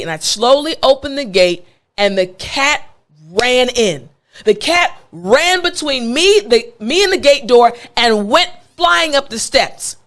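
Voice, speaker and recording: A woman with an American accent and a fairly high, fairly bright voice tells a story. She's an English teacher giving a storytelling lesson in a playful, conversational way.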